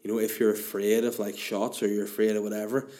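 A man's voice: on the low side, little pitch movement, quick pace, dark tone. A man, hosting a casual chat show and answering listener questions in a rambling, crude, self-mocking way.

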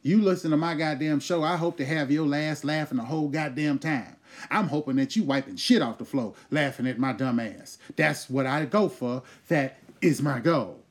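A man hosting a comedy podcast, ranting loudly and profanely in a casual, riled-up way. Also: on the high side, normal speed. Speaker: host.

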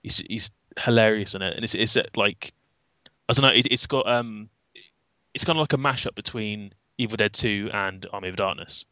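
British male co-host, low-ish bright voice, halting casual delivery, dry slightly muffled mic. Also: no room sound. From Britain. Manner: stammering, many restarts and fillers. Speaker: podcast co-host. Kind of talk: casual chat.

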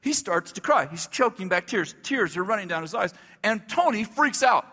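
Man, pastor, sermon storytelling, bright crisp tone, animated, acts out voices. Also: sits high, moderate pace, hardly any pauses, long reverb tail. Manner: animated, acts out dialogue, laughs while telling.

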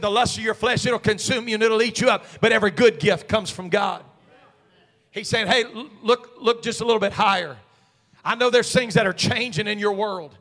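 High, bright-voiced preacher in a big church. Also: male voice. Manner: swings from quiet talk to shouted preaching; call-and-response with congregation. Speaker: senior pastor. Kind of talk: sermon. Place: church sanctuary. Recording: long reverb of a church hall.

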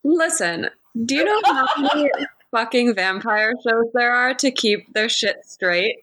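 A woman's voice: a little high, unhurried, no echo. A woman co-hosting a casual podcast, giggly and defensive in a playful way. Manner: giggly, animated, swings up and down. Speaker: podcast co-host.

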